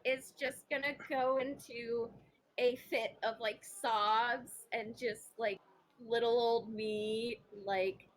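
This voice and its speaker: A woman taking part in a tabletop role-playing game. She talks slowly and hesitantly with many fillers, and her voice sits somewhat high. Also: steady tone, rough recording. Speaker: player. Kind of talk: tabletop role-play chat.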